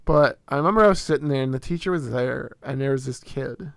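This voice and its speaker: A man's voice: mid-range voice, fast talker, gravelly, no room sound. A young man, a podcast host, telling casual stories full of swearing and acted-out quotes. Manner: animated, swearing, acts out quotes in storytelling. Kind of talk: casual storytelling chat.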